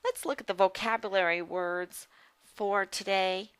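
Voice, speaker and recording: A woman teaching a phonics lesson, speaking deliberately and repeating each word for drill. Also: mid-range voice, fairly even intonation, a bit bright, clear, resonant tone, no room sound. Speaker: reading teacher.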